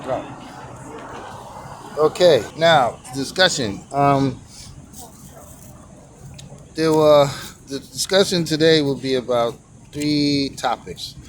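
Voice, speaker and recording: Unhurried man, mid pitch, rambling vlog lesson, outdoor street, faint noise behind. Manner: rambling, counts strokes aloud slowly. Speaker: monk running a sidewalk tea stand. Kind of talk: casual vlog lesson, writing characters. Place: outdoor sidewalk stand by a street.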